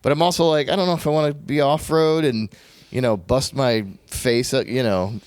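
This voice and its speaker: A man's voice: medium pitch, fairly even intonation, moderate pace, clean tone, no room sound. A man co-hosting a casual podcast chat, laughing often and rambling with restarts and fillers. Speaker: podcast co-host.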